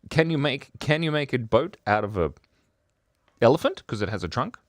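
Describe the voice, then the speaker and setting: A middle-aged man with an Australian accent chatting casually with viewers of his livestream at home, speaking quietly and laughing often. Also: medium pitch, animated, normal speed, background noise. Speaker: livestream host. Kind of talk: casual chat reading viewer comments. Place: home, early morning. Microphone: microphone worn near the beard.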